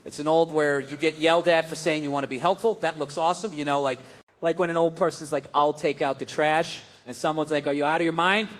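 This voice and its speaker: A man's voice: on the high side, fairly even intonation, fast talker. A man doing a stand-up comedy set, grumbling sardonic rants and acting out other people's voices.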